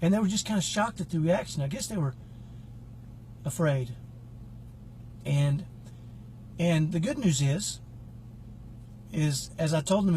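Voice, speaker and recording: A man's voice: fairly high pitch, unhurried, pauses often, a little mellow, slight background noise. A middle-aged man telling a personal story in a casual, earnest, reflective way as a parenting coach. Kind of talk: casual talk to camera.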